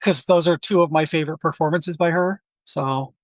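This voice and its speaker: A man's voice: fairly high pitch, normal speed, no room sound. A man in his forties, a podcast co-host, telling a long rambling anecdote in casual chat full of asides.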